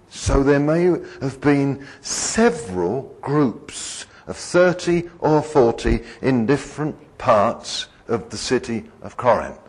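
A man preaches to a congregation in an easy, rambling way, turning often to ask his listeners questions. His voice is slightly husky and he talks slowly. His pitch rises and falls a great deal. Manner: conversational, digressive, asks the congregation questions. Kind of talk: sermon.

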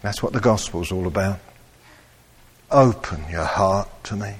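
A man preaching a sermon, slow and animated, rising to loud emphatic peaks. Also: on the low side, slightly rough.

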